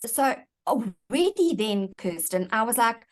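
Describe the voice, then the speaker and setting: A woman's voice: fairly high pitch, moderate pace. A woman guest in an interview, telling her personal story in an earnest, reflective way and often repeating words as she thinks.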